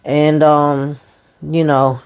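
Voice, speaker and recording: Deep-voiced woman recapping a TV episode. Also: extremely slow, clear, resonant tone. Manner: retells scenes by quoting characters, animated asides. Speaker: TV recap host.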